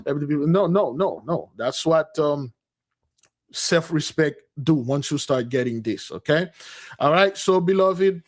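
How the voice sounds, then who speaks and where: A man preaching a livestream sermon to his online community in a slightly raised voice. He talks loosely and conversationally, repeating himself and calling his listeners "beloved", and swings between loud bursts and quiet asides. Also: fairly high pitch, moderate pace. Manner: repetitive, calls listeners "beloved". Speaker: spiritual teacher leading a community fast.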